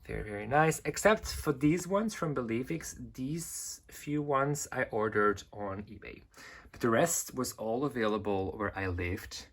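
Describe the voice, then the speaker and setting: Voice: mid-range voice, expressive, measured pace. A collector in their twenties gives a casual, gushing tour of their shelves, filming one-handed and praising every item over and over. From Belgium. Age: 20s. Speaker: collector vlogger. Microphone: handheld camera held in one hand.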